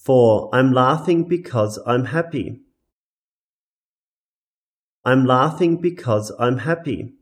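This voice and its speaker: A man reading English listening-test items aloud in a careful, deliberate way. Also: mid-range voice, expressive. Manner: careful, deliberate, each item said twice. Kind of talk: slow scripted exam reading.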